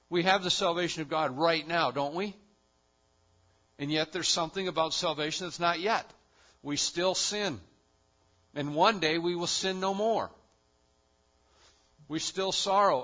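A man preaching a sermon, building to loud emphatic repetitions and then dropping to quiet, low stretches. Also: muffled recording. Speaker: pastor.

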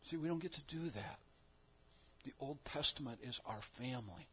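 A man preaching a sermon as pastor, moving between quiet reflective passages and loud, emphatic declarations. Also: medium pitch, lively intonation, normal speed, slightly rough, highs cut off.

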